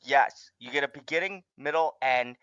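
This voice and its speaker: A man hosting a movie watch-along in casual chat, gushing with excitement and swearing freely. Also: medium pitch, normal speed, clear, resonant tone, no room sound, lo-fi sound. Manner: excitable, gushing and heavily profane.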